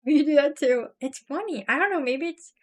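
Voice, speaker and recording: A woman's voice: high voice, animated, moderate pace. A young woman streamer chatting casually while crafting, rambling with lots of fillers and frequent giggles.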